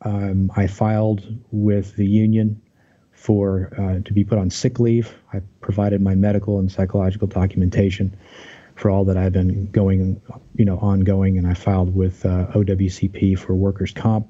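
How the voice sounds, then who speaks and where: A man's voice: low voice, level tone, moderate pace, mellow, lo-fi sound. A man as an interview guest, earnestly telling his story of a workplace conflict, aggrieved, with many restarts.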